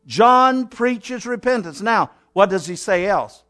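A man preaching a sermon, emphatic, asking rhetorical questions and swinging between loud declarations and low, quiet lines. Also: animated, takes it slowly. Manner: emphatic, rising to near-shouts and dropping low, with rhetorical questions.

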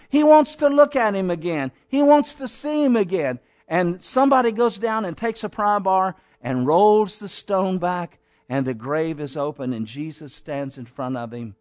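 Brief: male preacher, high voice, lively storytelling sermon, dramatic volume swings. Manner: animated, acts out quotes with sudden loud and soft swings.

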